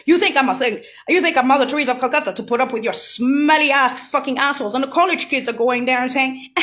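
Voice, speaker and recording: A woman launches into a rambling, profane rant, mocking and swearing heavily as she swings between loud outbursts and low muttering.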